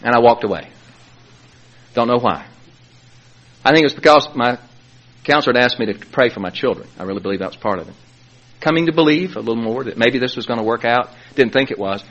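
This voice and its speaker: A middle-aged man giving personal testimony at a recovery meeting from a podium, telling his story animatedly and swinging from hushed to loud. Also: medium pitch, expressive, fast talker, long pauses, dull audio. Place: speaking at a podium.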